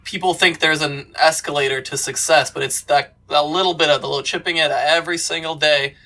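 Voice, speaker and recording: A male podcast host chats in an encouraging, reflective way. His tone is bright and forward, and his voice sits a touch high. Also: fairly even intonation, a little fast. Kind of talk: casual interview chat.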